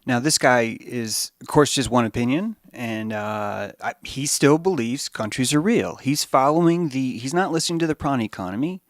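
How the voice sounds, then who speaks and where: Animated, profane male podcast host. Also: mid-range voice, moderate pace, few pauses, dry recording, studio quality. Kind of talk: monologue commentary.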